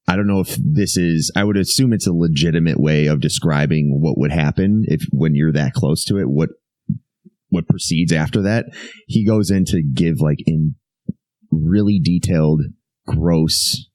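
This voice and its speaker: A man's voice: very deep voice, a little mellow, no echo. A young man co-hosting a podcast in casual chat, rambling loosely, swearing and laughing often. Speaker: podcast co-host.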